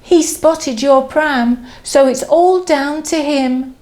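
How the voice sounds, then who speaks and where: Woman playing a kind storybook dad, calm, reassuring, unhurried. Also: high-pitched. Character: kind, modest father.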